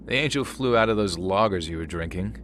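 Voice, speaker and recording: A man's voice: low voice, animated, fairly quick, fairly bright tone, faint music behind. A man doing a drunk, mocking young mate. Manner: teasing, scoffing. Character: young adult male friend, drunk and mocking.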